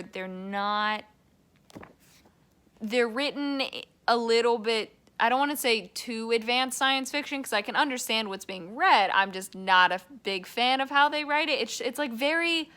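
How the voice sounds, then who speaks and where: Young woman, daily vlogger, chatty and rambling, bright clear tone. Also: a little high. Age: young adult. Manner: rambling, chatty, rising to exasperated rants. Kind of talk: casual daily vlog chat.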